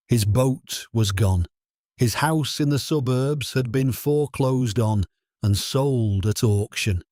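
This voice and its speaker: Male narrator for a dramatic story: unhurried, mellow, steady and solemn. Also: medium pitch, no echo, clean studio sound.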